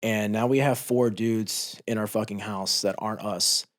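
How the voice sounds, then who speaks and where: A former Marine in his thirties tells a combat story on a podcast in a studio, candid, profane and intense, even re-enacting shouts. His voice is lowish and steady, at a normal speed.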